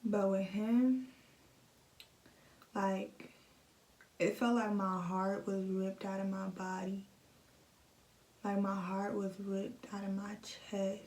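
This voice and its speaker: A young woman vlogging a personal story into her phone, emotional and halting, often repeating herself. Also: mid-range voice, flat delivery, darkish tone. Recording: echoey room, phone set at a distance.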